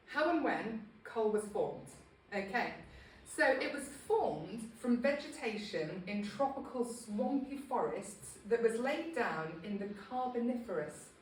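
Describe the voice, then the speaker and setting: A woman's voice: on the high side, far from the mic, slight background noise. A woman giving a casual local history talk to a small group, chatty and self-deprecating with many ums. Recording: echoey room, speaker off-mic.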